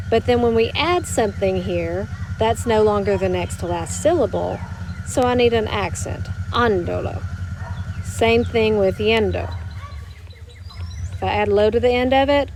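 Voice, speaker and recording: A woman teaching a Spanish grammar lesson to her students, explaining step by step and slowing down to model each Spanish word. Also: medium pitch, darkish tone, slight background noise. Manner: patient, explanatory, slows down to model Spanish words. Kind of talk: recorded classroom grammar lesson.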